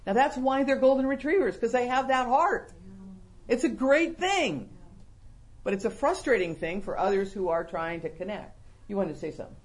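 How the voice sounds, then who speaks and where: A woman's voice: on the high side, moderate pace. A woman hosting a Christian talk show, chatting animatedly and often poking fun at herself. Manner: animated, self-mocking, laughs often. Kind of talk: casual faith-based talk show chat.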